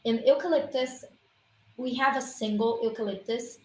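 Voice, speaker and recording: A woman's voice: fairly high pitch, moderate pace, echoey room, low-quality recording. A woman on a casual livestream, explaining essential oils in a persuasive, emphatic, informal way.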